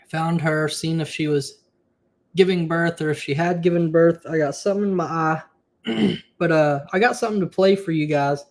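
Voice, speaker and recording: Chatty man on a livestream. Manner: chatty, reads viewer comments aloud, keeps voice low at times. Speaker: livestream host. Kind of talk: casual live-stream chat.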